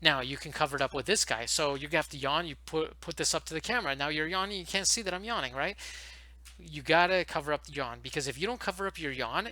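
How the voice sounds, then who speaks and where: A man and online English teacher giving fast, animated, casual advice to new teachers, talking into a headset from home. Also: a little high.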